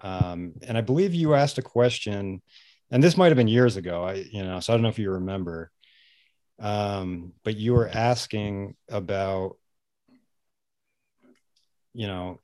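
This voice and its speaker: A man who is a guest on a podcast, speaking hesitantly with many pauses, fillers and sighs. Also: fairly low pitch, mellow, dry recording, clean studio sound. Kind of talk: casual conversational interview.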